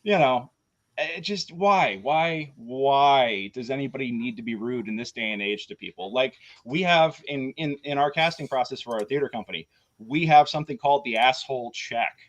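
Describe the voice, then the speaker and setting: A man tells a story in a loose, casual chat, stumbling through fillers and restarts as he goes. He is blunt and swears freely. His voice sits at a middling pitch, and the recording sounds dull and lo-fi. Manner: rambling, many fillers and restarts. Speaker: host of a tabletop game show; small business owner in theater.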